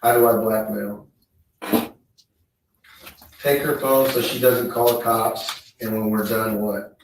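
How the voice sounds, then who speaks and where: A man on the witness stand reading text messages aloud in a slow, measured way. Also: on the low side, fairly even intonation, noisy background. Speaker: trial witness. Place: courtroom. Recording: echoey courtroom feed, distant mic.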